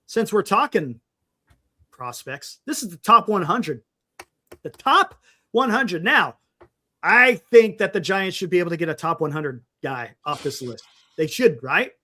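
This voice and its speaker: High-voiced man rambling on a sports livestream. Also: animated, normal speed, pushed and bright. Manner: rambling, thinks aloud, reads names off a list. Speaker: sports talk livestream host. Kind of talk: casual sports talk. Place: home livestream setup. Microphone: desktop mic on a live stream.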